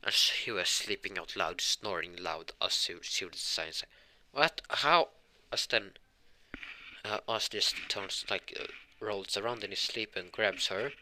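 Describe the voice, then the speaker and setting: A young man improvising a fan story, halting and rambling with many fillers. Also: deep voice, fairly even intonation, sharp tone.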